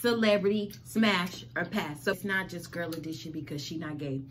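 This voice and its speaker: A woman's voice: on the low side, moderate pace, slight background noise. A woman hosting a casual home vlog, talking in playful, slangy banter. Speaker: vlogger host. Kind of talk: casual chat.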